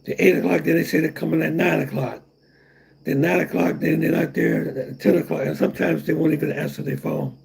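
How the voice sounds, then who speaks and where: A man's voice: fairly high pitch, fairly even intonation, brisk, gravelly, a little mellow, slightly rough. A middle-aged man hosting a casual livestream, rambling and repeating himself while answering chat comments. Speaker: livestream host.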